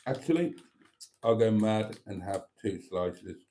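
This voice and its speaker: A man's voice: lowish voice, animated, takes it slowly, warm tone. A middle-aged man hosting a casual live stream, reading out viewer comments and teasing them in a chatty way.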